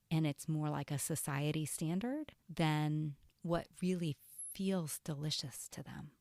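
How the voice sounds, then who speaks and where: Woman, podcast coach, low voice, gravelly, earnest, slips into whispers. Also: steady tone, moderate pace, dry recording, studio quality. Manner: earnest, often drops to a soft whisper. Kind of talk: casual self-help talk.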